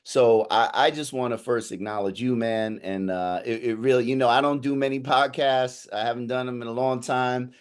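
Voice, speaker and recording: A man's voice: medium pitch, steady tone, normal speed, hardly any pauses, clear, resonant tone. A male coach joining a podcast over a video call. He talks earnestly and with gratitude, leaning on fillers like "you know" and "uh". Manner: earnest, appreciative, many fillers. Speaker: coach and mentor, podcast guest. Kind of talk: casual conversation on a video call.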